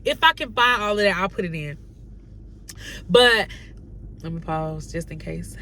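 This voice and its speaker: A young woman from North Carolina telling a casual storytime on her vlog, animated and slangy, acting out the dialogue she quotes. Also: fairly low pitch, a little slow, slight background noise. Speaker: vlogger.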